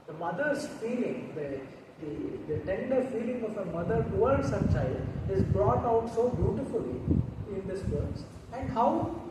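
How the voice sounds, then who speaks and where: A man with an Indian English accent giving a talk on poetry, chanting verses slowly and melodically between explanations. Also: high-pitched. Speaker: guest speaker on Sanskrit poetry. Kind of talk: lecture with recited Sanskrit verses. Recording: echoey hall, distant mic, noticeable noise.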